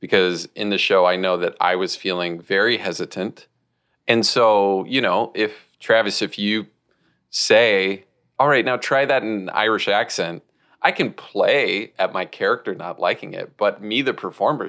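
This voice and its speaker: A man's voice: on the low side, normal speed, a bit bright. A man co-hosting a podcast, thoughtfully and earnestly explaining how improv flow depends on your partners. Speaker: co-host, improv performer. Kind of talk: casual podcast chat.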